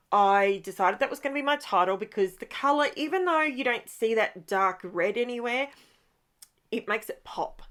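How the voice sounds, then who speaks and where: A woman's voice: mid-range voice, a bit bright. Chatty, rambling woman crafting host. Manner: rambling, self-interrupting, chatty. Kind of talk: casual chatty craft process narration.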